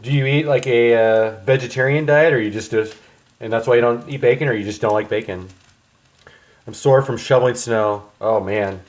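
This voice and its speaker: Speaking at normal speed in a medium-pitched voice, this young streamer rambles casually to his viewers while cooking at home, filling gaps with plenty of ums.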